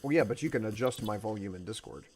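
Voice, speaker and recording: A man's voice: lowish voice, fast, noisy background. Wry young man streaming a game. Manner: joking, wry, rambling. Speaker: streamer playing a survival game. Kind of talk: casual gaming chat.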